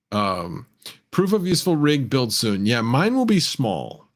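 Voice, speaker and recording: A man's voice: lowish voice, a bit bright. A man hosting a casual livestream, rambling and correcting himself, often chuckling and answering viewers' chat. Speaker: livestream host.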